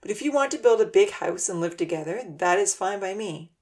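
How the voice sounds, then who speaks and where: A woman voicing a kind, calm adult man who leads a group of children, speaking slowly and reassuringly. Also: mid-range voice, close to an everyday voice. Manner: slow, reassuring and firm.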